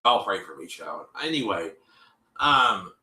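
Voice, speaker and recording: A man hosting a show, recapping an episode in casual chat, animated and full of fillers, with a cough. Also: fairly low pitch, unhurried, roomy sound, low-quality recording. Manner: animated, lots of fillers and repeats, acts out quotes.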